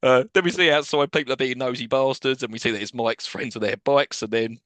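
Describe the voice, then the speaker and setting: A man's voice: medium pitch, quick pace, fairly bright tone, dry recording. A man co-hosting a podcast, casually retelling a film's plot and acting out the characters' lines. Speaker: podcast co-host. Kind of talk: casual film-recap chat.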